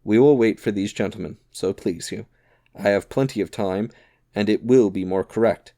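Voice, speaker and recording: A man voicing a proud, gentlemanly musketeer in an audiobook reading, with formal, dry-witted speech. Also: fairly low pitch, moderate pace, no room sound, close to an everyday voice. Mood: courtly.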